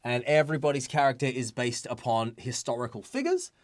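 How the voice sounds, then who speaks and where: A man's voice: medium pitch, very animated, a little fast, no room sound. A man co-hosting a casual podcast chat, theatrical and playful, teasing his co-host.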